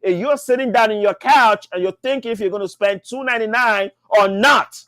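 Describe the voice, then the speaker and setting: High-voiced man giving a pushy pitch. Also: a little fast, fairly bright tone, no room sound, studio quality. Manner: emphatic, repetitive, pushy motivational selling. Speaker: business mentor hosting a live show. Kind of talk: live-stream Q&A sales pitch.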